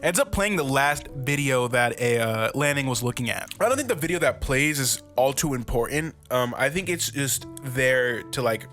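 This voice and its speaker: Bright-voiced young guy recapping a movie. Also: medium pitch, lively intonation, moderate pace, few pauses, soft background music. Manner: loose and profane, with lots of fillers and chuckles. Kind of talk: casual movie recap commentary.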